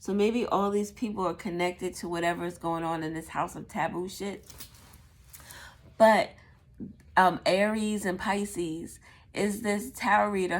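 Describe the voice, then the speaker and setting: Woman tarot reader, casual reading, blunt and profane, thinks out loud, unhurried pace. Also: on the low side.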